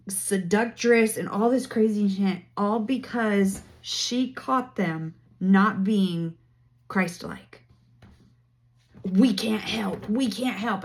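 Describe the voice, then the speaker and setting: Impassioned woman ranting to camera. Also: medium pitch. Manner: impassioned, indignant, emphatic. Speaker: vlogger. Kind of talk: casual opinion monologue.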